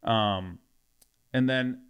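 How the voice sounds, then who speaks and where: A man's voice: medium pitch, extremely slow, clean tone, muffled recording. A man casually retelling a story with lots of quoted back-and-forth. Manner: animated retelling with many quoted exchanges.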